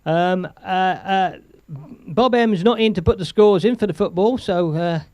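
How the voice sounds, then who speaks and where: Man, live-stream host, high-pitched, rambling chat, dry close sound. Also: unhurried, a little mellow, no echo. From England. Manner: chatty, rambling, laughs often, reads viewer comments aloud.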